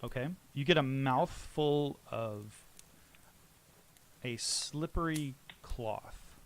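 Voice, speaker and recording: A man's voice: mid-range voice, a little hiss or hum. Man narrating as game master. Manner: descriptive, halting, with restarts.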